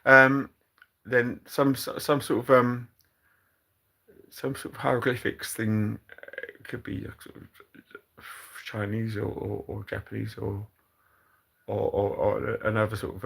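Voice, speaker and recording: A British man hosting a casual livestream, reading out chat comments in a halting, rambling way full of fillers and restarts, with dry deadpan asides. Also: on the low side, vocal fry, slightly rough. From Britain.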